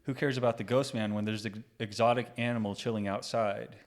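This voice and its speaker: A man's voice: fairly low pitch, fairly even intonation, brisk. A man co-hosting a casual reaction chat, laughing often and reading posts aloud. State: sleep-deprived. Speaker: co-host.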